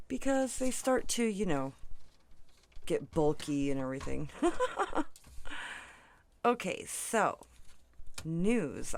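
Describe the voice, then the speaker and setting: A crafting channel host chatting through a tutorial, rambling off on stories, often asking "right?" and laughing between sentences. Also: mid-range voice. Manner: rambling, tangents, frequent "right?" and "you know".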